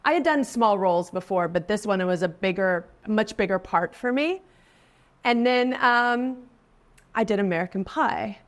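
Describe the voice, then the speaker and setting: A woman in her forties, appearing as a guest actress in a casual interview, speaks at a moderate pace in an animated, mid-range voice. She's chatty, laughs often, and raises her voice when quoting people.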